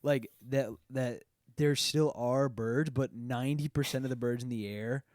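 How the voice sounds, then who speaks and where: A man hosts a casual podcast, laughing as he goes and stringing thoughts together with many fillers. His pitch sits in the middle for a man. The sound is dry and close to the mic. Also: fairly even intonation, a little slow, a little mellow, no echo. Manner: giggly, rambling with many fillers. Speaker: podcast host.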